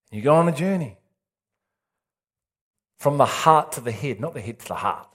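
A male pastor preaching an excitable, animated sermon with big swings in pitch. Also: normal speed, pauses often, breathy edge.

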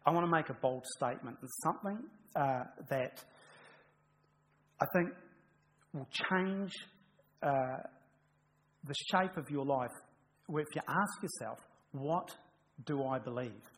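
A man's voice: on the high side, unhurried, long pauses, a bit bright, rough recording. Chatty male preacher with light humor. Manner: chatty, humorous, with frequent restarts. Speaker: pastor. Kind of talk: sermon.

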